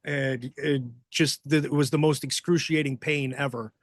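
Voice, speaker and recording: A man's voice: medium pitch, fairly even intonation, moderate pace, no room sound, clean studio sound. A man, a former wrestler and podcast guest, telling rambling, profane stories in casual chat. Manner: profane, rambling, acts out quoted voices. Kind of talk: casual storytelling.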